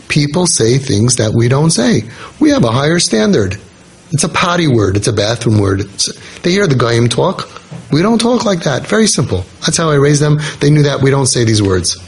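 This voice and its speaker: A man's voice: medium pitch, big pitch swings, moderate pace, a little hiss or hum, poor audio. A man hosting a parenting podcast, telling a true story in an earnest, casual way and repeating key points for emphasis.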